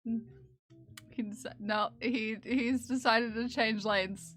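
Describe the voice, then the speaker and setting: A woman's voice: on the high side, steady tone, slow pace, a bit bright, no room sound. A woman chatting casually on a livestream while knitting, laughing often and talking fondly to her cat. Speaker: streamer.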